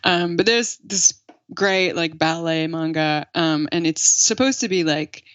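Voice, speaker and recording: A woman's voice: fairly low pitch, measured pace, fairly bright tone, dry recording. A woman translator guest in a casual podcast discussion, chatty and explanatory, often laughing. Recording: slightly muffled dry recording.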